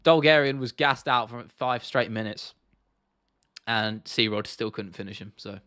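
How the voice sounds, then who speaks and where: A man's voice: mid-range voice, measured pace, bright, forceful tone, dry recording, clean studio sound. Laid-back young man. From United Kingdom. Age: 20s. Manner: laid-back, sweary, laughs often. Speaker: livestream host. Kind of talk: casual livestream Q&A.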